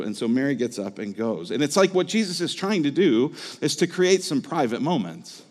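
A man's voice: on the high side, animated, a little fast, hardly any pauses, in a large hall. A man preaching a sermon as a pastor, talking in a conversational way and asking the listeners rhetorical questions.

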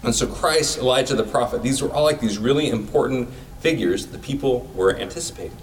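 A man's voice: mid-range voice, fairly quick, far from the mic, slight background noise, poor audio. A man giving a sermon in a casual, conversational way, using everyday comparisons. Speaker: preacher.

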